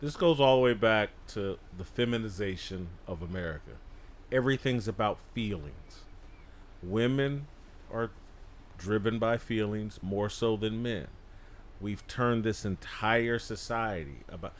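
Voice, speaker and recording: Blunt male guest commentator, mid-pitched. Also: moderate pace. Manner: blunt, forceful opinions. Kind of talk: opinionated talk show commentary.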